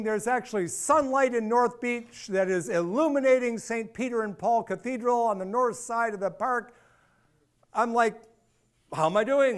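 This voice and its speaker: A middle-aged man giving a personal storytelling talk, animated and acting out the dialogue. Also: extremely high pitch. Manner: animated, acts out dialogue, repeats phrases for effect. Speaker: speaker and author.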